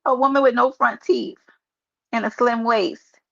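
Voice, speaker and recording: Gravelly, joking New woman streamer. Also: fairly high pitch, unhurried, a bit bright. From New York. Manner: playful, joking, talks straight to her chat. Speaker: livestreamer. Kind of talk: casual live stream chat. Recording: muffled lo-fi stream audio.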